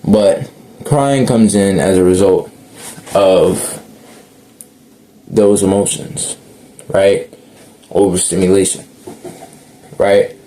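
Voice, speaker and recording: A man's voice: deep voice, fairly even intonation, slow pace, long pauses, warm tone, a little hiss or hum. A young man talking casually and earnestly outdoors, rambling and correcting himself as he goes. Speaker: speaker sharing reflections. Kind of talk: casual unscripted monologue.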